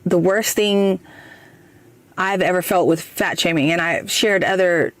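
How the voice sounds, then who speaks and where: A woman's voice: measured pace, no echo. Woman retelling a hurtful run-in. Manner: hesitant, many fillers, acts out quoted lines in a higher voice. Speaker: guest storyteller. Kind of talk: personal story, casual retelling.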